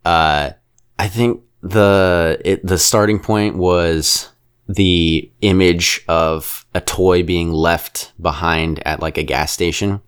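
A man's voice: deep voice, fairly even intonation, clear, resonant tone. A man co-hosting a podcast, chatting casually and rambling about a film with strong opinions. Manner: rambling, opinionated, keeps slipping into quick character impressions. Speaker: podcast co-host reviewing a film. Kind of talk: casual chat.

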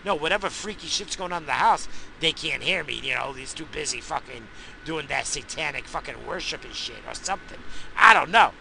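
A man in a profane, angry rant who swears constantly and bursts into shouting. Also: a little high, lively intonation, brisk, vocal fry, background noise.

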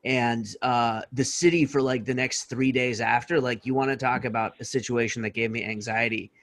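A man chatting casually as a podcast co-host, easygoing and starting his sentences haltingly. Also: medium pitch, fairly even intonation, fairly bright tone. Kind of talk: casual chat.

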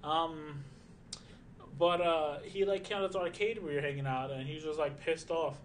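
A man's voice: a little high, normal speed. Male streamer, twenties, loose profane chatter, light background noise. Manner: rambling, profane, lots of fillers. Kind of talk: casual chat.

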